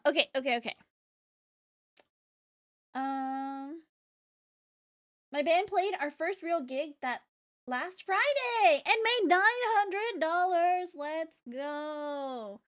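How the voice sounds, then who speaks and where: A young woman streaming a game live, chatting casually and greeting her chat by name. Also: high voice.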